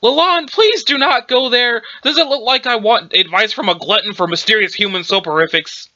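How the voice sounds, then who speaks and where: A man voicing a hungover, sarcastic young alien girl, with a drowsy, pained, slow whine. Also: sits high, sharp tone, muffled recording. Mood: groggy.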